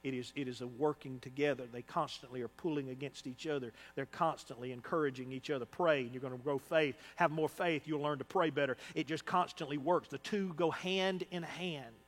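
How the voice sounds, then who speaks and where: A man's voice: fairly high pitch, steady tone, brisk, hardly any pauses. A man preaching a sermon as pastor, emphatic and repeating phrases for effect. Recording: long hall reverb.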